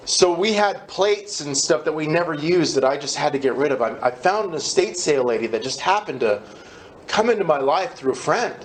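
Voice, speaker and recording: A man candidly telling his personal recovery story in a conversational, halting way at a meeting. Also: a little high, a little hiss or hum.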